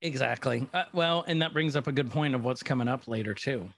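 A man's voice: mid-range voice, brisk, creaky, fairly bright tone. A man co-hosting a podcast, recapping an episode in casual chat with rambling, filler-heavy storytelling. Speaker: podcast co-host.

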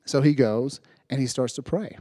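A man preaching to young people, retelling a story with lively asides and checking in with "right?" as he goes. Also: medium pitch, normal speed, no room sound, clean studio sound. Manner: animated retelling, acting out voices, frequent "right?". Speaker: youth preacher. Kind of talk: storytelling sermon.

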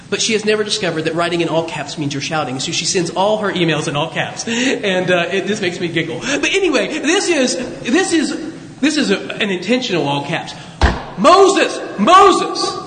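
A male pastor preaching a sermon with lively storytelling, jokes and asides, recorded in an echoey hall with a faint rumble.

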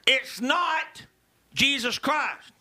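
A male preacher delivering a sermon, dropping to low murmurs and rising to shouted calls to the congregation. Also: extremely slow. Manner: swings from low murmurs to loud shouted exhortations.

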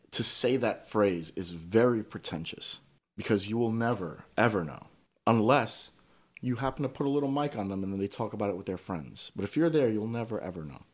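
A man telling stories as a podcast guest in casual conversation, swearing freely and tagging his points with "right?". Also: lowish voice.

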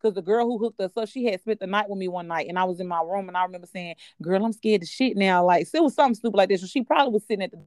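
Woman spilling a wild story on her podcast, cussing a lot, lively, mid pitch, dead dry room. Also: rapid-fire, few pauses, dry recording. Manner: candid, profane, animated storyteller. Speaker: podcast co-host. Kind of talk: casual storytelling chat.

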